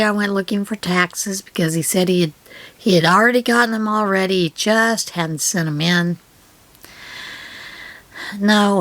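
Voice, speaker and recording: A middle-aged woman hosting her own yarn channel, chatting through her mail in an unhurried, rambling way with many pauses and fillers. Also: medium pitch, a bit bright, dry recording. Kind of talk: casual unboxing chat.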